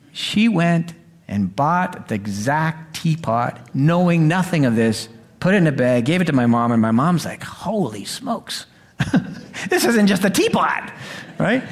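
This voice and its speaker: A middle-aged man preaching a sermon in a church, acting out the quoted voices and swinging between loud lines and hushed ones. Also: high voice. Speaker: pastor. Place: church sanctuary.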